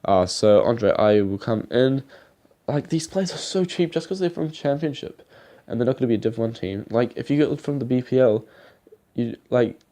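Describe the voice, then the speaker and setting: A man's voice: medium pitch, lively intonation, moderate pace, mellow. A young man giving rambling, casual commentary over his football game footage, swearing now and then. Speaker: gaming YouTuber.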